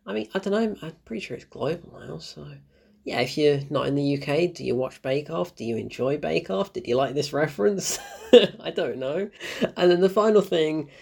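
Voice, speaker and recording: A young man hosting his own show, giving a casual film review with animated, exasperated asides and frequent laughter. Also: on the high side, creaky.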